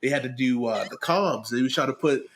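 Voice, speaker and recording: A man hosts a podcast in casual chat. His voice is mid-pitched, and he rambles through a long recap full of fillers. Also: a little fast, fairly bright tone. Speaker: podcast host.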